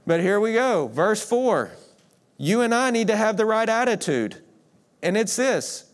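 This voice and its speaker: A man preaching a sermon, earnest, swinging between emphatic declarations and hushed moments. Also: sits high, big pitch swings, a little slow. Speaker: pastor.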